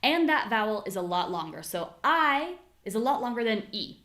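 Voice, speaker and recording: An American woman teaching a live online pronunciation class, modeling words with clear, exaggerated stress. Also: fairly high pitch, sing-song, normal speed, fairly bright tone.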